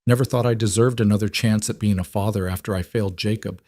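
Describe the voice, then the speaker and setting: A man doing a weary old-west lawman turned family man, steady and solemn, in a low, grounded voice. The recording is close and completely dry. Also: fast, no room sound, close to an everyday voice. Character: weary, devoted former lawman and husband.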